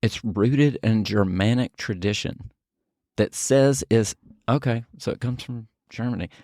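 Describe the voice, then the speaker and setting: A man's voice: medium pitch, a little slow, dark tone, dry recording, clean studio sound. A man co-hosting a podcast in casual chat, reading notes aloud and stumbling and laughing over the words. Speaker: podcast co-host.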